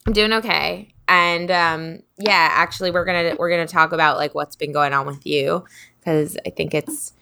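A woman's voice: low-pitched, little pitch movement, normal speed, sharp tone, smooth. A woman co-hosting a podcast, chatting casually in a bubbly way with lots of fillers and laughs. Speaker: podcast co-host.

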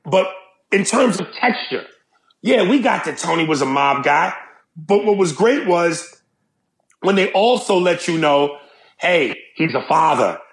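A man chatting casually on a podcast, talking in an animated way and acting out lines in other voices. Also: unhurried. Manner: animated, jumps between deep and high put-on quotes. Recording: roomy echo.

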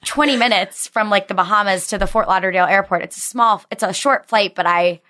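A woman in her thirties, a podcast guest telling a story in casual chat and acting out what everyone said. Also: a little fast. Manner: animated storyteller, acts out quotes with big pitch jumps.

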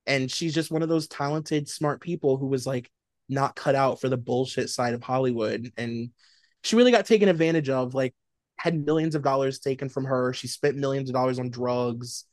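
A man co-hosting a casual pop culture chat, talking in an animated way and packing his sentences with filler words. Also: medium pitch, moderate pace, no room sound, studio quality. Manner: chatty, many "like" fillers, animated storytelling. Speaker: podcast co-host.

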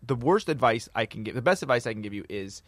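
A man's voice: mid-range voice, lively intonation, fast talker, dry recording, close to an everyday voice. A man imitating a stern middle-aged comedy veteran who bluntly lectures him. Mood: lecturing.

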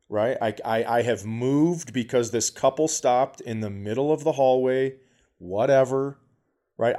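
A man's voice: medium pitch, mellow. A man co-hosting a podcast, telling a story in casual chat, acting out the quotes and swearing a lot. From American Midwest. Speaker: podcast co-host, comedian.

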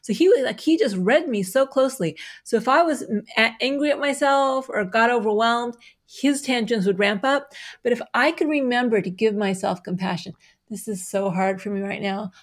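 A woman's voice: a little high, lively intonation, normal speed. A middle-aged woman answering interview questions in an earnest, explanatory way, sometimes laughing. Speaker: guest, self-compassion researcher. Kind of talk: conversational interview.

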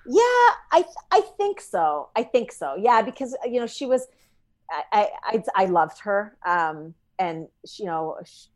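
A middle-aged woman, a cookbook author, chatting in an interview in a rambling, animated way from her farm home. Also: medium pitch, moderate pace. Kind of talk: casual interview chat.

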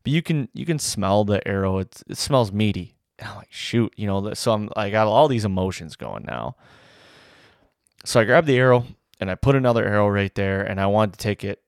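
A man recounting a bowhunt in a casual, rambling and excited way, full of fillers like "you know". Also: fairly low pitch, brisk, gravelly, no room sound, studio quality. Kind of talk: casual storytelling to camera.

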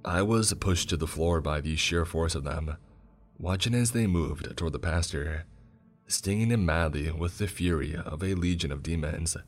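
Male horror narrator, very low voice, faint music underneath. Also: normal speed. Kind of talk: first-person horror story narration.

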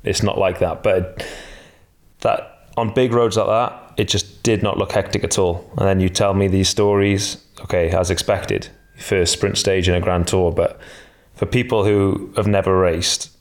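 Deep male co-host, enthusiastic, opinionated, casual. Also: steady tone, a little slow. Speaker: podcast co-host. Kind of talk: casual sports chat.

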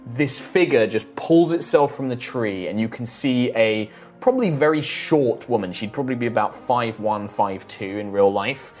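A woman's voice: extremely low pitch, lively intonation, normal speed, few pauses, a little mellow, soft background music. A woman narrating a tabletop role-playing game as game master, describing scenes in a loose, rambling way.

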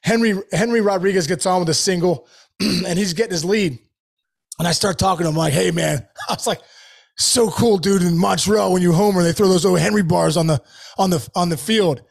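Gravelly, high-pitched man telling stories. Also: brisk. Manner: animated, laughs often, says "dude" a lot. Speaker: guest, former baseball player. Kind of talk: casual storytelling.

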